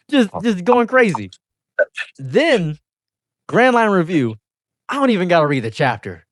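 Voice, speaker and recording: Man, casual commentary host, joking and rambling, swooping lively pitch, dry close mic. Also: takes it slowly, long pauses, no echo. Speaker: channel host.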